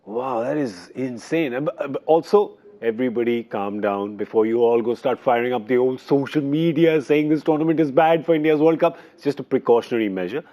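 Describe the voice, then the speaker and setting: A man's voice: mid-range voice, fairly quick, hardly any pauses, dark tone, lo-fi sound. A middle-aged man hosting a cricket studio show, with playful, teasing banter. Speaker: show host. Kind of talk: lively studio cricket chat.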